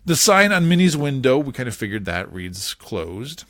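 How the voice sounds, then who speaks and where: A male podcast host chatting casually into a close mic, in a very dry, dead room. His pitch swings widely as he talks, and he laughs easily in an upbeat, playful way. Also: big pitch swings, moderate pace, a bit bright, no room sound.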